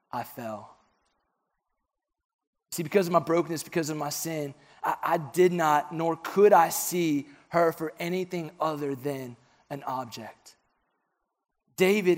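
A young male pastor preaching with a slightly high voice. He tells stories earnestly, sinking soft and low for confessions and lifting for questions. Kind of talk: sermon.

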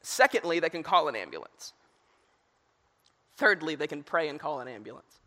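A man's voice: on the high side, big pitch swings, normal speed, pushed and bright. A young man who is a youth minister giving a sermon, telling stories earnestly with touches of humor. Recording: reverberant hall.

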